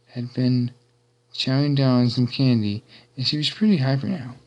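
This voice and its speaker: A man's voice: mid-range voice, steady tone, normal speed, darkish tone. Man reading a story aloud casually. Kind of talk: reading fan fiction aloud.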